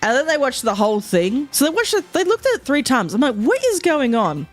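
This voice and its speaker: A young Australian woman streaming, telling a story in animated casual chat, laughing often and swearing freely. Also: sits high, fast, faint music behind.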